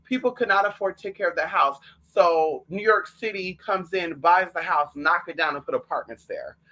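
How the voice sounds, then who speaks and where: A man's voice: sits high, normal speed. A man vlogging in a sassy, outspoken casual monologue, chatting with the listener and calling them "girl". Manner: animated and outspoken.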